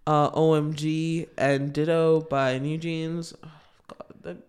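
A woman's voice: sits low, flat delivery, slow, a little mellow. A young woman with a British accent co-hosting a podcast, laid-back, giving short replies and laughing often. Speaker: podcast co-host. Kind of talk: casual chat.

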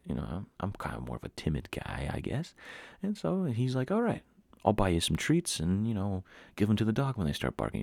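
A young man hosting a podcast, telling a rambling story in a casual, animated way with mocking asides. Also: deep voice, vocal fry, dry recording. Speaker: podcast host.

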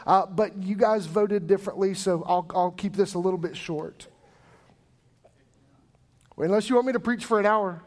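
Male pastor, high voice, animated sermon storyteller who acts out quoted voices. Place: church sanctuary.

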